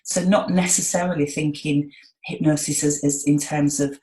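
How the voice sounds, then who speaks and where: A woman's voice: sits low, fairly even intonation, normal speed, darkish tone, echoey room, poor audio. A middle-aged British woman from England, a hypnotherapist talking in an interview in a chatty, down-to-earth way, full of "you know". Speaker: hypnotherapist guest. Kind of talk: interview conversation.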